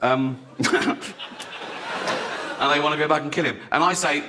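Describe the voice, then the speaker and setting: A man's voice: a little high, normal speed, pauses often, bright, forceful tone. A man doing a stand-up comedy set in a chatty way. He tags lines with "right?", laughs at his own jokes and mocks other people's voices.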